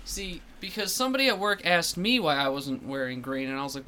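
High-voiced wry podcast host man. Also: fairly quick, a little hiss or hum. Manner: wry, deadpan, reads jokes aloud. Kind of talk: casual chat.

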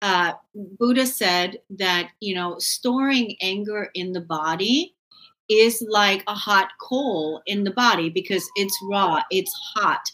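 A woman's voice: medium pitch, slow pace, sharp tone, low-quality recording. A woman speaking earnestly and emphatically in a casual spiritual conversation.

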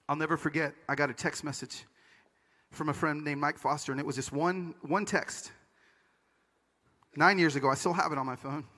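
A man giving a personal testimony sermon as a conference speaker, dramatic, swinging from loud to hushed. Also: high-pitched. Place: large hall before an audience. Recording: long hall reverb.

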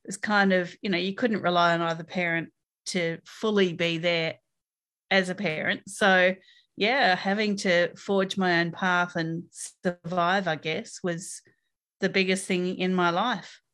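A woman's voice: on the low side, fairly even intonation, measured pace, a bit bright. A woman with an Australian accent, a podcast guest, answering interview questions in a frank, upbeat way with small laughs.

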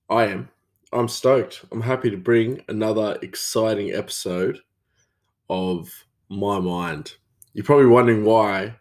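A man with an Australian accent, rambling through a casual story as host of his own show. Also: lowish voice. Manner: rambling, animated storytelling with many fillers. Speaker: podcast host, chef.

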